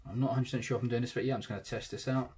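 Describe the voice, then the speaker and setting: A man, casually talking through a digital tattoo drawing in real time, thinking aloud and trailing off softly. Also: medium pitch, steady tone, rapid-fire, slightly rough.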